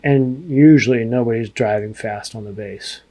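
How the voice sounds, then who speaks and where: An American man, a former army analyst, recalling combat in a sober interview, speaking haltingly with frequent restarts. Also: medium pitch, warm tone. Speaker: podcast guest, former army intelligence analyst. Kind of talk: reflective interview recollection.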